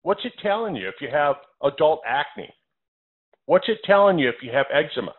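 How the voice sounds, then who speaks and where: A man's voice: on the high side, big pitch swings, a little fast, breathy edge. Emphatic man lecturing over a phone line. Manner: emphatic, repeats phrases, lists numbered points. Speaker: doctor hosting a health call. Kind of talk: health talk on a conference call.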